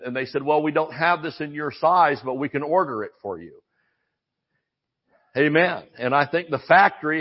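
A man's voice: a little high, dull audio. An older man preaching a sermon in a folksy, rambling way, full of asides and restarts.

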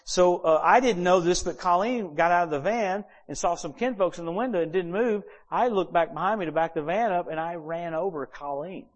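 A man preaching at a church service, telling personal stories and acting out quoted dialogue with sudden jumps in loudness. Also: high-pitched, a little fast, few pauses, highs cut off. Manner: animated storyteller who acts out quoted dialogue with sudden shifts in loudness. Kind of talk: sermon storytelling.

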